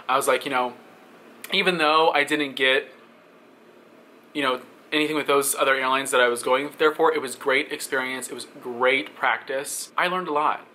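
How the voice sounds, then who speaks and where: A young man vlogging, telling a story in a casual, animated way and acting out the other people's lines. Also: mid-range voice, a little hiss or hum. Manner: animated, acts out quoted voices.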